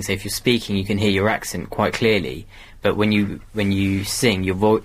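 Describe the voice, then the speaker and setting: A man in a radio studio, off-mic, earnestly explaining a point to the host. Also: on the low side.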